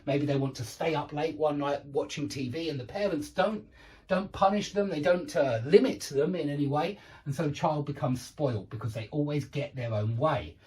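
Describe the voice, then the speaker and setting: A man's voice: fairly high pitch, moderate pace, darkish tone, rough recording. A man teaching an online English grammar lesson. He talks patiently, repeats example sentences and stresses the key words.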